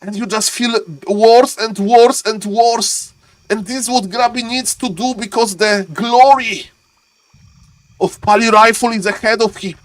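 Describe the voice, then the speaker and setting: A man giving live esports commentary as a streaming caster. He moves from calm chatter straight to viewers into bursts of repeated, high-pitched shouting when the action heats up. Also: unhurried.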